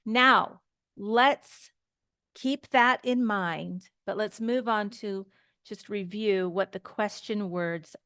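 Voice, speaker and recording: A woman teaching an English grammar lesson, explaining slowly and patiently and often checking in with "okay?". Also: medium pitch, a bit bright, clean tone, no room sound, studio quality.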